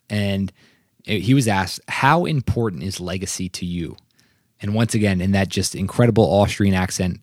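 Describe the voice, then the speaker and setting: A man's voice: on the low side, no echo, studio quality. A young man hosting a solo podcast, talking earnestly and often checking in with "right?" and "like". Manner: earnest, keeps asking "right?" and "like". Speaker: podcast host.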